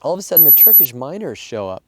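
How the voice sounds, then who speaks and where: Gravelly, dark-voiced man recounting events. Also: on the high side, big pitch swings, fast, no echo. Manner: earnest storytelling, acting out quoted dialogue. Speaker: missionary aid worker. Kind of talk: casual spoken account of events.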